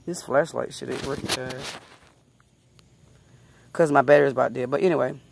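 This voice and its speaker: A woman, vlogging at home on her phone in loud, profane, laughing banter. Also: very deep voice, fairly even intonation, normal speed, gravelly, slight background noise. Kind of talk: casual home vlog. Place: home, indoors then outdoors at night.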